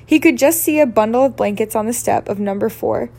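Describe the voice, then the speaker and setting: A woman reads a children's novel aloud in a relaxed, easygoing manner. Her voice sits a little high, and she shrugs off her own slips. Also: a little fast, vocal fry. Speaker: reader.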